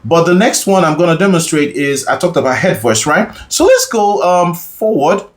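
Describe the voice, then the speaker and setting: A man with a fairly high speaking voice, teaching a singing lesson. He explains patiently in an instructional tone and keeps checking that his listeners follow along. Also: big pitch swings, a little fast, faint music behind. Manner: explains patiently, often checks in with "all right?".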